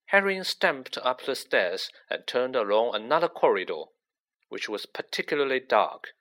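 A man reading a storybook aloud, narrating in an expressive, measured way. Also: mid-range voice. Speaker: audiobook narrator.

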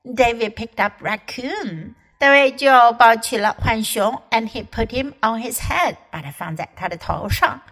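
A woman's voice: a little high, measured pace, few pauses, poor audio. A woman with an American English accent reading a children's story aloud and explaining it like an English teacher. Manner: expressive, lively storyteller.

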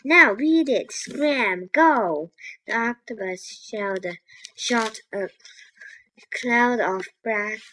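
A woman reading a children's book aloud, halting and restarting on words. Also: mid-range voice, a little hiss or hum, rough recording. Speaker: reader.

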